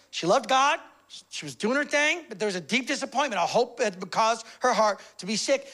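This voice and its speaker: A man preaching a sermon as pastor, impassioned, swinging between hushed confession and loud declarations. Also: very high voice.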